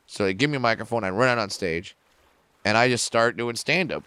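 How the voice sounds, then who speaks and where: Animated profane comedian telling stories. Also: male voice, brisk, clean tone, no echo. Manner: animated, profane, jumps way up in pitch for punchlines. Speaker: comedian guest. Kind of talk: casual podcast storytelling.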